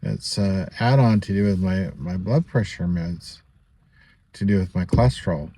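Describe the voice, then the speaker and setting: A vlogger with a low-sitting, dark voice at normal speed chats his way through a personal story to camera. He rambles with many asides, little laughs and plenty of "you know."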